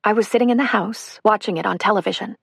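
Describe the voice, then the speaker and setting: A woman's voice: medium pitch, fast talker, gravelly, slightly rough, dry recording, studio quality. A woman narrating a survivor's first-person account for an audiobook, earnest and emotional.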